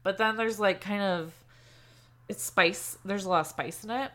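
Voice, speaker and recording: A woman co-hosting a podcast in casual chat, with a dry, sarcastic humor and a habit of laughing and filling pauses. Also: medium pitch, fairly bright tone. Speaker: podcast co-host. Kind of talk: casual chat over drinks.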